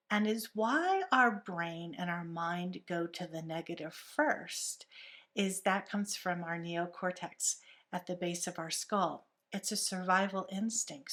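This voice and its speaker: A woman hosting a wellness talk, speaking in a gentle, soothing way. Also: lowish voice. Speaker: host.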